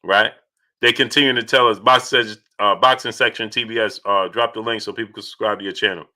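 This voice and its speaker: A man's voice: lowish voice, fast. A man hosting a live boxing talk stream, greeting viewers by name and repeating himself as he goes. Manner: repetitive, animated, shouts out chat viewers.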